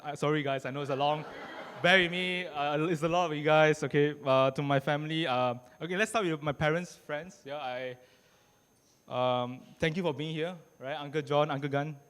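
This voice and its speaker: A young man giving a halting, emotional groom's speech at a beach wedding, restarting often and adding "right?" as he goes. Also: on the high side, in a large hall. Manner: halting, many restarts and tag questions. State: tearful. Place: outdoor beach wedding venue.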